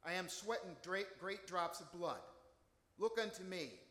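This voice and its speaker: A man's voice: fairly high pitch, big pitch swings, slow pace, fairly bright tone, heavily acted. Man doing a fervent rustic country deacon. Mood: rising fervor. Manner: rustic dialect, emphatic repetition. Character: unschooled older male country deacon, fervent preacher. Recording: echoey hall with long reverb.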